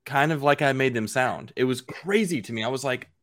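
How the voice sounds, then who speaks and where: A man's voice: medium pitch, a little fast, a bit bright, dry recording, clean studio sound. A man, a father, chatting casually on a podcast, rambling with repeated words and self-mocking humor. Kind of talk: casual chat.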